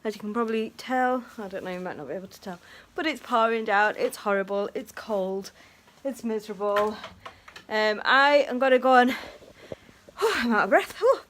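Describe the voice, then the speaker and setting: A woman's voice: normal speed, a bit bright, a little hiss or hum. A middle-aged woman chatting casually to camera in a daily vlog, sometimes cooing at her pet birds. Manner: chatty, talks to her pet birds in a high sing-song voice. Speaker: vlogger.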